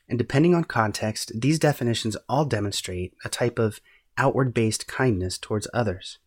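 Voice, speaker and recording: A man hosting a podcast, giving measured, earnest, scripted Bible-study narration. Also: lowish voice. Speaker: podcast host.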